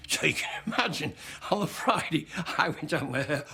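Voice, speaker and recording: An older man, a veteran comedian, telling a stage story in an interview with theatrical delivery and high leaps for the punchlines. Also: very animated, a little fast, few pauses, bright, forceful tone, husky.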